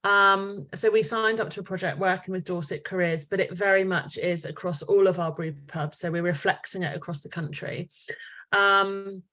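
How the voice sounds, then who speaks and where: A woman's voice: fairly low pitch, steady tone, normal speed, sharp tone. A woman speaking as a panel guest, friendly and chatty, laughing easily. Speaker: guest from a pub chain. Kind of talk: panel interview.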